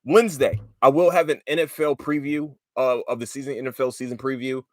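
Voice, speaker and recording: A young adult man hosts his own podcast, wandering from point to point with plenty of fillers and swearing. His voice sits at a middle pitch, and the recording is close and dry, with no room sound. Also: fairly even intonation, fairly quick, dry recording. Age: late 20s to 30s. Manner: rambling and profane, with lots of fillers and loose tangents. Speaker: podcast host. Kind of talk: casual solo podcast chat.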